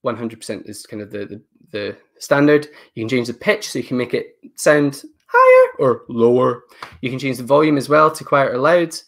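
A man's voice: medium pitch, fairly quick, few pauses, a bit bright. A man leading a live online training session, talking casually and thinking aloud as he clicks through settings on a computer mic. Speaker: education technology presenter.

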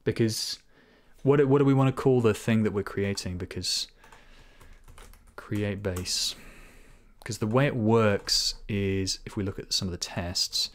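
Computer keys clatter as a man with a fairly low, unhurried voice live-streams himself programming. He thinks aloud, weighs possible names, jokes with his viewers and chuckles a lot.

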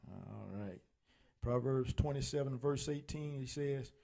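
A male pastor preaching a sermon, folksy and animated, acting out the voices he quotes. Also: mid-range voice, measured pace, gravelly.

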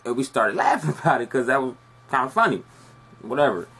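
A man's voice: mid-range voice, very animated, fairly quick, bright, forceful tone, breathy edge, full character voice. An actor playing a young man on a phone call who tells a rambling, profane story about a party night, defensive and streetwise. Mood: recounting. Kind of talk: scripted monologue.

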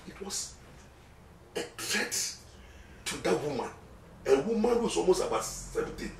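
A Ghanaian-accented lawyer, appearing as an interview guest, speaks emphatically in a slightly high voice, repeating words and mixing Twi with English in animated talk. The recording is echoey with a distant mic and slight background noise.

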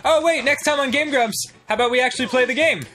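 A young man co-hosting a game commentary, joking and swearing excitably. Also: very high-pitched, fast talker. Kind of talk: casual let's-play banter.

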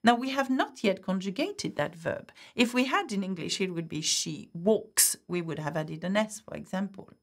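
A woman's voice: medium pitch, animated, moderate pace, hardly any pauses. A woman teaching a French grammar lesson, patiently explaining step by step and often checking in with "okay?". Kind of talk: online language lesson.

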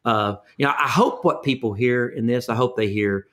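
Speaking at a moderate pace in a mid-range, fairly bright voice, an older Texan with a Texan accent tells stories as a fishing guide in a folksy interview. Repetition of words is frequent, and he performs the voices of people he quotes.

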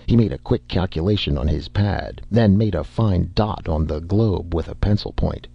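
A man reading a science fiction story aloud in steady audiobook narration, with occasional stammers. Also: low voice, moderate pace, gravelly, hardly any pauses, slightly rough, dry recording. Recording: dull lo-fi dry recording.

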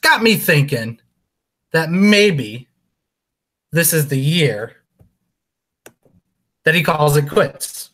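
A man co-hosting a casual sports chat, animated and joking as he talks football. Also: a little high. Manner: animated, joking, quick to laugh. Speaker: sports podcast co-host.

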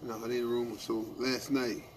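A man co-hosting a union radio show, telling animated stories in casual talk and asking "right?" after his points. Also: mid-range voice, moderate pace, a little hiss or hum. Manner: animated storytelling, acting out quoted exchanges, repeated "right?".

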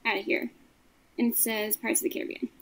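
A woman's voice: a little high, flat delivery, fast talker, vocal fry, a bit bright, slight background noise, low-quality recording. A woman casually showing her collection, describing each item in a matter-of-fact way. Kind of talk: casual show-and-tell of a collection.

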